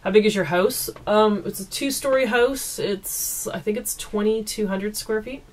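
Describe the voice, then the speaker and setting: A woman's voice: medium pitch, normal speed. A woman from East Coast Canada, chatting casually and giggling as she answers viewer questions at home into a camera mic. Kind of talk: casual Q&A chat.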